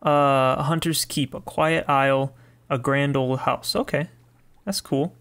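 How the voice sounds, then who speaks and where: Excitable man reading game text aloud. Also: a little high, a little slow. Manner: excitable, chatty, thinks aloud. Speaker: let's play gamer.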